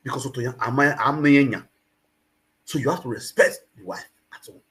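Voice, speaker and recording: A man hosting a talk show, lecturing forcefully on respect. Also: medium pitch, moderate pace. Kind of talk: preachy commentary.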